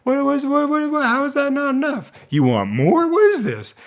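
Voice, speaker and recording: A man doing a flustered, high-pitched young prince. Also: brisk. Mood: baffled. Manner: stammering, excited, loud.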